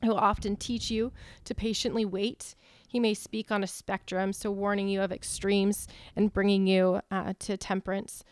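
A woman with a smooth, clear voice reads out teaching points at a steady, measured pace. Her pitch stays fairly flat from line to line. The sound is close and dry. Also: no room sound. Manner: steady, measured, cites verses one after another. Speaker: church co-host. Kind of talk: reading out a list of teaching points.

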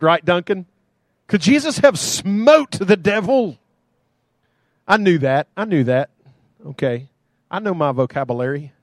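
A man's voice: fairly high pitch, dry recording. A man preaching a sermon in a conversational way with playful asides. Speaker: pastor.

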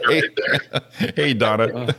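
A man's voice: mid-range voice, very slow, crowd noise. A man co-hosting a radio morning show, cracking jokes in casual banter. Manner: joking, wisecracking banter. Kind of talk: casual chat.

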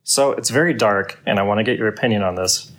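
A man's voice: fairly low pitch, quick pace, fairly bright tone. A man guesting on a podcast, chatting casually and easily during a beer review.

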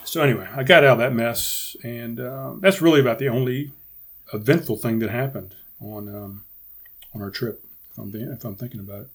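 Man, podcast host, casual solo chat, rambling, swears a lot, mid-pitched voice. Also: a little fast, a bit bright, husky. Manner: rambling and profane, with many restarts.

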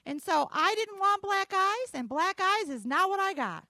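A woman's voice: extremely high pitch, animated, normal speed, pushed and bright, no echo. A woman pastor preaching a sermon, telling a personal story in a folksy way and building to emphatic declarations.

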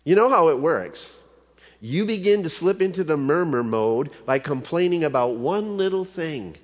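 A man's voice: on the high side, lively intonation, normal speed. A man preaching a sermon as a pastor, in a conversational way that keeps asking the audience rhetorical questions. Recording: reverberant hall.

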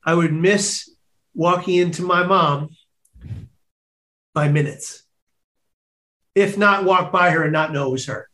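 An emotional, excitable man from San Francisco tells his own story as a podcast guest, often repeating words as he acts out other people's voices. His voice sits high for a man. The room adds a clear, roomy echo. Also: unhurried, long pauses. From San Francisco, United States. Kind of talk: personal storytelling in a podcast interview.

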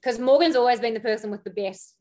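A woman's voice: on the high side, fast, a little mellow. A woman in her thirties, a guest on a video-call interview, chatting casually and rambling through stories with frequent giggles. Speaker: guest, podcast co-host.

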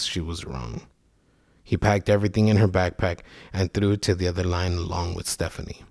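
Deep-voiced male story narrator. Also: darkish tone, dry recording, clean studio sound. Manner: measured, somber.

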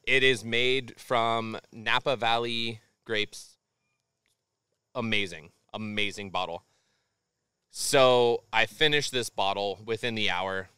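Bright, clear-voiced man telling stories. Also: lowish voice, slow, no room sound. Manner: animated storyteller, swears freely. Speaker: podcast guest. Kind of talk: casual chat over beers.

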